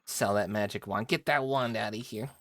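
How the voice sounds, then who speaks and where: A man's voice: lowish voice, normal speed, fairly bright tone. A young man streaming a game, chatting playfully with his viewers as he plays, on a headset mic. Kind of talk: casual live game-stream chat with viewers.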